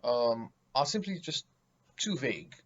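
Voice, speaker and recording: A man's voice: medium pitch, sing-song, a little slow, dull audio. A man giving a vocabulary lesson, speaking emphatically and theatrically, mocking vague words with acted examples. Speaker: teacher.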